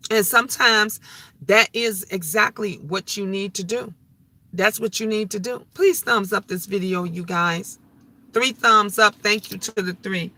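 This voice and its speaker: A woman's voice: mid-range voice, sharp tone. A middle-aged woman talking on her vlog livestream in a heartfelt, emotional and repetitive way. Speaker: vlogger. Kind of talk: casual livestream talk.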